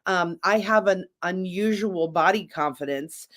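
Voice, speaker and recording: A man's voice: high voice, unhurried, a bit bright. Rambling, chatty man on a talk show. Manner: chatty, rambling with frequent restarts. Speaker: guest. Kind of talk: candid casual chat.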